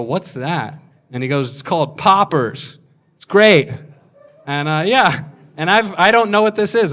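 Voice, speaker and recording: A man in his twenties telling a crude story on stage as a stand-up comedian, deadpan with sudden shouted punchlines. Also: fairly high pitch. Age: 20s.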